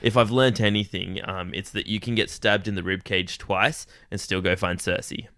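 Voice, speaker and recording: A man's voice: sits low, steady tone, moderate pace, pushed and bright, no echo. A man co-hosting a casual podcast, teasing his partner in a dry, ribbing way. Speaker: podcast co-host. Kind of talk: casual banter.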